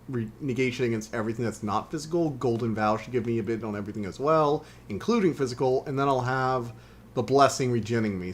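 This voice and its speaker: A man narrates his own game stream in an easygoing, wry manner, with a voice at an ordinary middle pitch. He rambles through his plans and bursts out in exasperation whenever the game catches him off guard. A little hiss or hum is audible.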